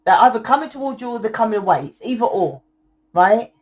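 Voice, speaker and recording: Woman doing a tarot reading, forceful and blunt, swears a lot, lectures at you. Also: a little high, expressive, fast talker. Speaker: tarot reader. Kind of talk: channeled tarot reading to camera.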